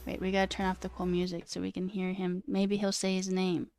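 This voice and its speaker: A woman's voice: on the low side, completely flat delivery, brisk, a little mellow, clear, resonant tone, soft background music. A woman streamer chatting casually with her viewers, trailing off and answering chat as she goes. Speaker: coding livestreamer.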